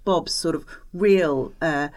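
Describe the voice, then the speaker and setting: A woman's voice: low voice, slow, darkish tone. A woman co-hosting a podcast, talking in a thoughtful, hesitant way with many fillers and restarts. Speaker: podcast co-host discussing film ratings. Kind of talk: casual podcast discussion.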